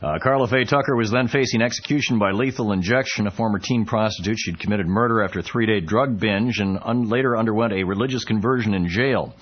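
A man's voice: lowish voice, fast talker, few pauses, slightly rough, dull audio. A man hosting a call-in political talk radio show, talking conversationally with frequent restarts and fillers.

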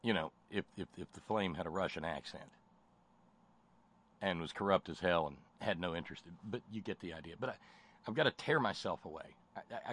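A man's voice: low-pitched, fairly bright tone, husky. A male talk radio host with a sardonic, stammering way of talking who restarts his sentences often. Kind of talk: political call-in radio talk.

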